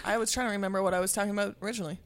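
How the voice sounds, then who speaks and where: A woman's voice: mid-range voice, steady tone, very fast. A woman improv comedian, a podcast guest, chatting playfully and laughing often. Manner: giggly, playful, often laughing mid-sentence. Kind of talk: casual comedic chat.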